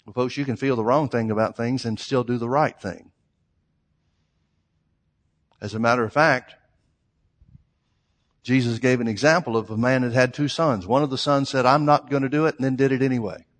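A man's voice: mid-range voice, moderate pace, pauses often. Preaching man in a reverberant hall. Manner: emphatic, reads scripture in old-style phrasing. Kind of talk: sermon.

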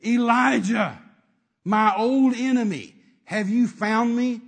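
A man voicing a frightened wicked king in a sermon retelling, crying out loud and drawn out. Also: very high-pitched, takes it slowly, vocal fry, in a large hall, pitched above the performer's own voice, exaggerated voice.

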